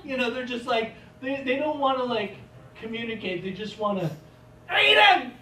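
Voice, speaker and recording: A man doing a stand-up comedy set on a theater stage, rambling and self-deprecating, with sudden loud outbursts. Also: extremely high pitch, fairly quick. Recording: echoey theater, mic from a distance.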